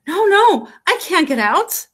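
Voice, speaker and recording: A woman voicing a small, excitable young boy frog who whines and cries out in a high, squeaky voice. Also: slow, heavily acted. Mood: pleading. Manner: whiny, loud outbursts.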